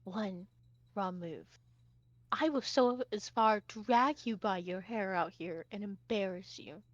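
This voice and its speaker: A woman voicing a weary, exasperated female gatekeeper who talks low and sighs. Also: unhurried, no echo, muffled recording. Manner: sighing, low and flat. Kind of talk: tabletop role-play voicing.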